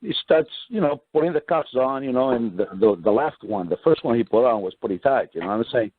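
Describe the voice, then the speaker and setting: Lively-pitched man on a tinny phone line. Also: a little fast, hardly any pauses, dry recording. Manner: animated retelling, acts out quoted voices higher, keeps adding "right?"; clears throat often. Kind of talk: casual storytelling.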